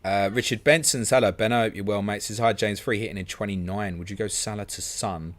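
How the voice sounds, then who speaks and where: A man hosting a live stream, reading out viewer questions and answering them in quick, chatty bursts. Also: on the low side, steady tone. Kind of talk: fast casual live-stream Q&A.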